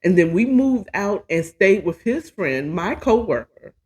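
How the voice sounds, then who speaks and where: A podcast host with a medium-pitched, darkish voice recounts a personal story, her pitch swinging widely as she talks without hurry. The monologue is casual and candid, sprinkled with profanity, chatty and self-mocking.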